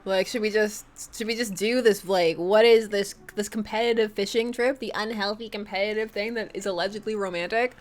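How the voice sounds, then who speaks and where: A woman's voice: mid-range voice, fairly even intonation, brisk, few pauses. A young woman streaming a dating game, reading it aloud and chatting playfully with her viewers, laughing often.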